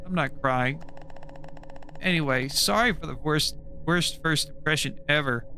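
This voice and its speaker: A man voicing a nervous, upset young boy who has just been left at a hospital, speaking softly and hesitantly. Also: on the high side, measured pace, faint music behind. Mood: pleading. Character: boy, new and tearful, apologetic. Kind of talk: reading game dialogue aloud.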